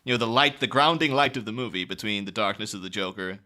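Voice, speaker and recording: A man with a bright, forceful voice chats on a film podcast. He talks loosely and laughs often, breaking into quick put-on voices for quotes. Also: on the low side. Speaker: podcast co-host. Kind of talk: casual film podcast chat.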